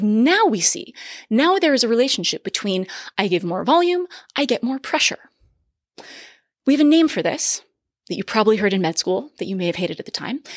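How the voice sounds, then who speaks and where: A woman giving a recorded medical lecture, explaining physiology in a lively, conversational way with quick asides. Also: medium pitch, dry recording, studio quality.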